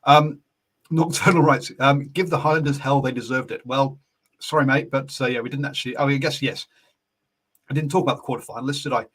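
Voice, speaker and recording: An English-accented man hosts a casual sports talk show over an online call. His delivery is loose and chatty, full of fillers and self-corrections, at an ordinary middle pitch. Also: fairly even intonation, fairly quick, a bit bright, breathy edge. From England. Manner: chatty, many fillers and restarts. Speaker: podcast host.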